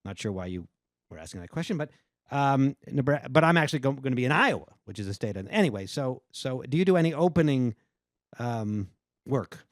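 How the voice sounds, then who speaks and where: A man hosting a podcast, chatting casually with halting restarts and dry quips. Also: mid-range voice, sing-song, no room sound. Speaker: podcast host.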